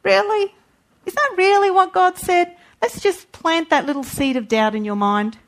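A woman's voice: extremely high pitch, normal speed, pitched above the performer's own voice. A woman voicing a crafty serpent who slyly teases and plants doubt with insinuating questions.

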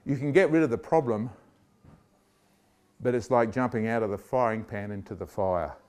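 A man preaching a lively sermon, joking and acting out voices and scenes for the congregation. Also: medium pitch, normal speed. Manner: animated, jokey, acts out voices.

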